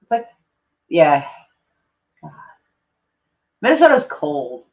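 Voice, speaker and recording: A woman's voice: lowish voice, big pitch swings, slow pace, pauses often. A woman streamer chatting casually with her viewers in a rambling, self-mocking way, swearing freely. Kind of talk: casual livestream chat. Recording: dull lo-fi sound.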